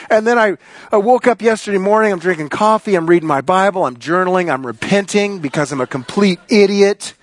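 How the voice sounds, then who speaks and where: A middle-aged pastor preaching a sermon, telling a personal story with lively, excitable energy that sometimes rises to near shouting. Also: male voice, high voice, normal speed, no echo. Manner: animated storyteller, gets loud and excited.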